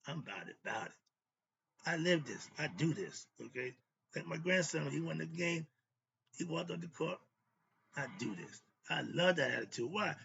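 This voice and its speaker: A man's voice: on the high side, expressive, moderate pace, creaky, fairly bright tone, husky. An older man giving an emphatic, repetitive spoken monologue as a self-styled spiritual teacher, often asking himself "why?". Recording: dull lo-fi recording.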